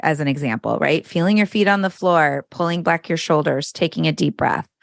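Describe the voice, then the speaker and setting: Middle-aged woman, parenting coach, frank and candid, lowish voice, dry close sound. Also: brisk, creaky, dry recording. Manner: candid and frank, swears freely. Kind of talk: casual conversation.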